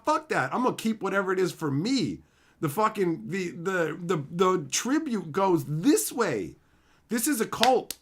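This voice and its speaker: A man's voice: fairly high pitch, fairly bright tone. A young man hosting a livestream, ranting in a brash, profane, swaggering way. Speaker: livestream host. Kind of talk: casual livestream rant.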